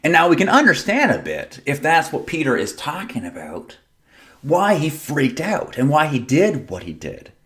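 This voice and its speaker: A man's voice: mid-range voice, a bit bright. A man preaching a sermon as pastor, in a casual, conversational way, retelling the story with playful drama and rhetorical questions.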